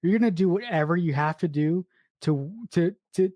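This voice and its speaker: Low-voiced woman giving her opinion. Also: normal speed, warm tone, no room sound. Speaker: podcast co-host. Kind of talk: casual film review chat.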